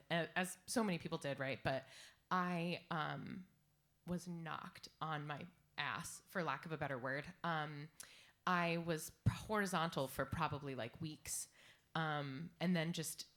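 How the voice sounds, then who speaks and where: A woman in her thirties, a singer-songwriter talking on stage between songs, tearful and rambling with halting fillers. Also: low-pitched, fairly bright tone. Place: stage at a live songwriters' round.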